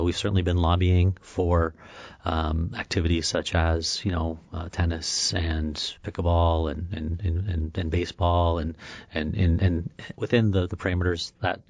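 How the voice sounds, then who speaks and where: A man who is a town mayor, guesting on a podcast and talking in a halting way with many fillers and restarts. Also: low voice, vocal fry, no room sound. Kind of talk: casual interview talk.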